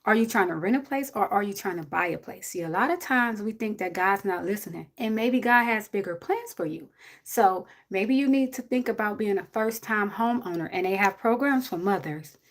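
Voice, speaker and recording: Blunt, animated woman in her forties. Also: mid-range voice, normal speed. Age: 40s. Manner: blunt, animated, preachy advice with swearing. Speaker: livestream host giving advice to a viewer. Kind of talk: casual livestream chat.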